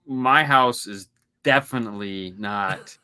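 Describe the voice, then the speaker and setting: A man's voice: on the low side, slow, pushed and bright, clear, resonant tone. A man co-hosting a podcast in casual, rambling chat, often acting out little quotes in voices. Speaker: podcast co-host.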